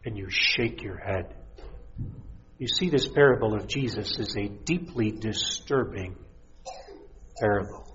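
A man's voice: on the low side, measured pace, long pauses, fairly bright tone, long reverb tail. A middle-aged man, a pastor, preaching a sermon with rising intensity and mocking voices. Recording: dull lo-fi recording.

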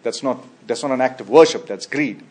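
A man preaching a sermon as a pastor, emphatic, with sudden loud high bursts, quiet trailing endings and frequent restarts. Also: a little fast. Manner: frequent restarts and repeated words. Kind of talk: expository sermon.

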